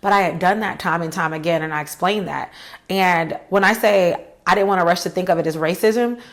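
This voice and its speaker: A woman's voice: lowish voice, fairly quick. A woman in her thirties telling a personal career story to her viewers, candid and emphatic, speaking to them directly. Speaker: career vlogger.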